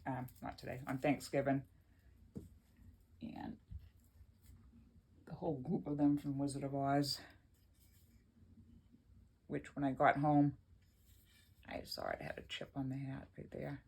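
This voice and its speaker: A woman's voice: a bass voice, gravelly, darkish tone, husky. A woman vlogging from her home in a rambling, chatty way, often laughing as she talks. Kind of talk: casual chat to camera.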